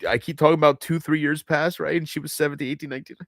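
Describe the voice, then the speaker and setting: A man speaking in an unscripted confessional monologue to his viewers, halting and heavy, often restarting and trailing off. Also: a little high, flat delivery, vocal fry, no echo, clean studio sound. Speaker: channel host.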